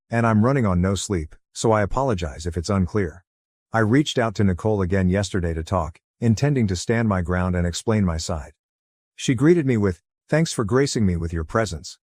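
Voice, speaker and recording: A man narrating a first-person forum story in an even, measured way. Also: deep voice, dry recording, clean studio sound.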